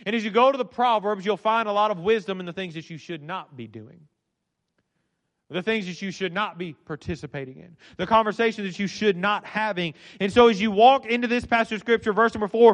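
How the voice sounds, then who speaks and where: Male pastor mid-sermon, high voice, slows and hushes on key words, church reverb. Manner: reads scripture in old formal wording. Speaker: preacher. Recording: long reverb in a church hall.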